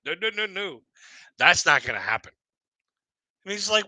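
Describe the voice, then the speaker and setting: A man from Canada hosts a livestream in a high-sitting, sing-song voice that's bright and forceful. He speaks a little slowly with long pauses, spinning casual, rambling stories full of restarts and chuckles. The recording is dry and rough.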